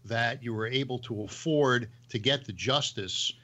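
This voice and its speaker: A man's voice: medium pitch, a little slow, sharp tone. A man on a talk panel, chatting casually, encouraging and joking with the host. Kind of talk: casual chat.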